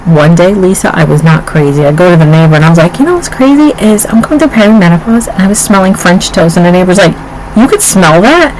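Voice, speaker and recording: Telling stories and performing what others said, this podcast co-host in her forties keeps the chat casual and lively. She speaks fast with a fairly low pitch, and the low-quality recording has a little hiss or hum.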